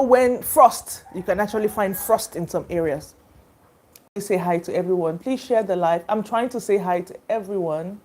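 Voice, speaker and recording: Woman host for a casual live chat; unhurried, hesitant delivery with lots of ums. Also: medium pitch, a little mellow. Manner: rambling, hesitant, many fillers and laughs. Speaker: livestream host. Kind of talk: casual live-stream chat greeting viewers.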